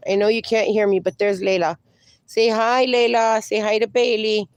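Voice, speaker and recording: A woman's voice: medium pitch, fairly even intonation, moderate pace, no room sound. A woman hosting a casual livestream, reading viewer comments aloud and cooing at her dogs, a little sniffly from allergies. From USA. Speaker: livestream host.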